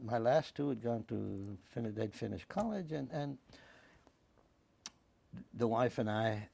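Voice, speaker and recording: A man, telling his life story in a rambling, halting way in an oral history interview. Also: medium pitch, lively intonation, gravelly, a little mellow. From Staten Island, New York. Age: 90s. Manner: rambling, halting, with many restarts. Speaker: interviewee, WWII veteran.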